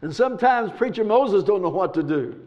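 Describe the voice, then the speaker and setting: A man preaching a sermon, emphatic and repetitive, with sudden shouts. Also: high-pitched, animated, moderate pace. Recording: dull lo-fi recording.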